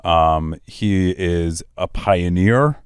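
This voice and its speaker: A man co-hosting a comedy podcast, trading quick, playful, teasing back-and-forth. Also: low voice, clear, resonant tone, no room sound, clean studio sound. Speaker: podcast co-host. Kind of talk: casual comedic chat.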